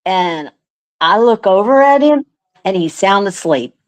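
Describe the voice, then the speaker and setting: A woman guest telling a story in casual chat, earnest and animated, with lots of fillers. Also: medium pitch, unhurried. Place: remote call.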